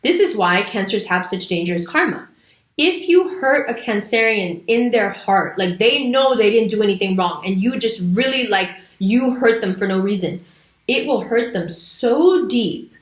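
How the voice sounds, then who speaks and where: A woman's voice: medium pitch, lively intonation, normal speed. A woman giving a casual, emphatic astrology talk to camera, sometimes putting on playful little voices. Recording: echoey room.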